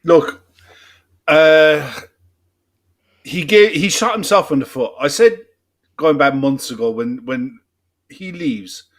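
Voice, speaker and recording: A man's voice: fairly high pitch, animated, takes it slowly, long pauses. A man co-hosting a football podcast, talking bluntly and emphatically and swearing freely in casual chat. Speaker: podcast co-host.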